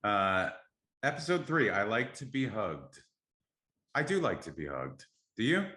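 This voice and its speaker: A man's voice: lowish voice, very animated, measured pace, bright, forceful tone. A man hosting a casual podcast, talking in an upbeat, enthusiastic way. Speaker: podcast host. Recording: echoey room.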